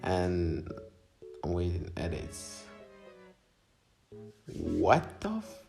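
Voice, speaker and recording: A man's voice: deep voice, huge pitch swings, drawn-out words, vocal fry, a little mellow, faint music behind. A young man vlogger casually commenting on his own silent video, laid-back, swearing and mocking himself.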